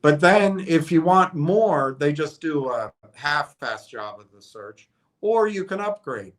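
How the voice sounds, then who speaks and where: This stock commentator muses through a casual, speculative monologue on his stream, rambling and unsure, with plenty of fillers and fresh starts. His fairly high voice has lively intonation, a bit of brightness and a slow pace.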